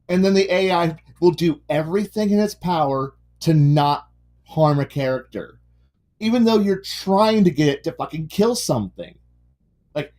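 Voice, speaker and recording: Brief: casual male hobbyist, profane rant, restarts lines, very animated pitch. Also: normal speed. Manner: ranting, profane, restarts sentences. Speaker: hobby miniature painter hosting a stream. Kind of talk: casual chat while painting.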